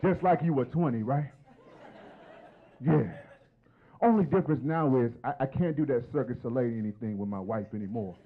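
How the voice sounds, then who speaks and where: A man's voice: medium pitch, fairly quick, long pauses, phone-quality sound. A man in his fifties doing a stand-up comedy set on stage, chatty and teasing the crowd with questions. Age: 50s.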